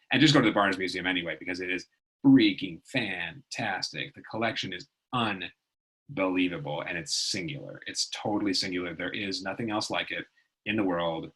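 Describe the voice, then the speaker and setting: A man's voice: sits low, sharp tone, husky, poor audio. A middle-aged man teaching a casual online writing lesson, chatty and rambling, with lots of fillers.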